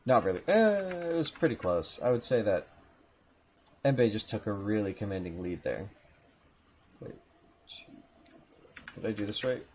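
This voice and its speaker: A man's voice: lowish voice, unhurried, pauses often, a little hiss or hum. Chatty man casting a strategy game. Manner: relaxed, chatty, self-correcting asides. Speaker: esports caster. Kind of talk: live game commentary. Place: home room.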